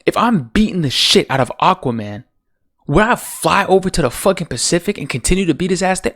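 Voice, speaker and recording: Man, ranting commentator, swears a lot, rises and falls a lot in pitch, exasperated. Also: expressive, brisk, fairly bright tone. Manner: profane, exasperated, rhetorical. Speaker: TV show commentator.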